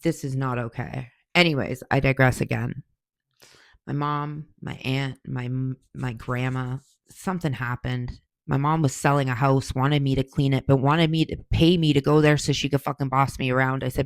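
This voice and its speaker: Her voice rumbles low with a steady tone at normal speed, recorded without echo. This woman in her forties hosts a podcast, answering questions through blunt, profane, heated storytelling.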